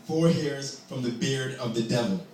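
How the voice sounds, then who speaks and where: Curt scheming stepmother, man putting her on, slow commanding orders, echoey distance. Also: medium pitch, a little mellow, a little hiss or hum, lightly acted. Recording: echoey hall from far off.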